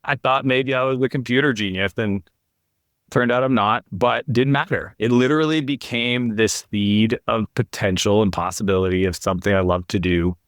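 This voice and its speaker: A middle-aged man with a very low, deep voice tells his story in an interview, earnest and confessional. The recording is dry and close, with no room sound. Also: moderate pace, fairly bright tone, dry recording. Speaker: podcast guest, entrepreneur.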